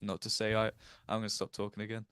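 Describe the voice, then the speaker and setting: A man with a low, monotone, smooth voice, recorded dry and close. He speaks hesitantly as a livestream guest, filling gaps with ums and uhs and trailing off. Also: quick pace, dry recording. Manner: hesitant, many fillers, self-conscious. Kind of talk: casual livestream chat.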